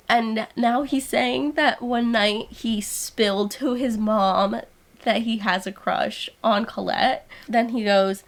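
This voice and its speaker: A young woman vlogging casually about a book she is reading, gushing and excitable, often saying "like". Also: mid-range voice, unhurried, poor audio.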